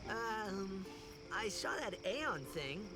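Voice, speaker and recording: A man's voice: high-pitched, lively intonation, slow. An actor playing a cheerful, awkward young male hero in a video game, eager and fumbling over his words. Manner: eager and fumbling, full of fillers. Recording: game audio with background music.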